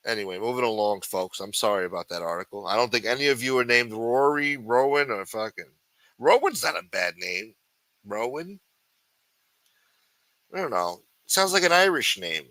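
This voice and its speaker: A man with a bright, forceful voice reads news stories aloud and tears into them with crude, mocking asides. His delivery is sarcastic and full of profanity. The sound is close and dry, with no room around it. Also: on the low side, no room sound, rough recording. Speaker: livestream show host. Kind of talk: reading news articles aloud with commentary.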